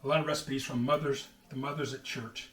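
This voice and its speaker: A middle-aged man chats his way through a home cooking demonstration, folksy and relaxed. His voice sits in an ordinary middle range and is picked up from a little way off the mic in a roomy kitchen with some echo. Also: mid-range voice, a little fast, far from the mic. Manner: chatty, folksy, calls people brother. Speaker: cooking show host.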